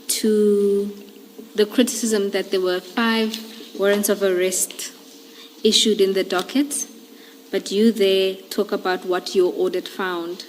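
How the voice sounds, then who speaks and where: A woman's voice: medium pitch, darkish tone, slight background noise, rough recording. A woman questioning a witness methodically at a commission hearing, with some filler ums. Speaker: evidence leader questioning a witness.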